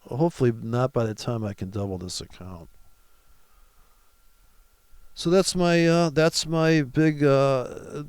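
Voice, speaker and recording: A man's voice: medium pitch, slow, long pauses, a little mellow, clean tone, dry recording. A man talking through his live forex trades in a rambling, profane and mocking way. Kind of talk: casual live trading commentary.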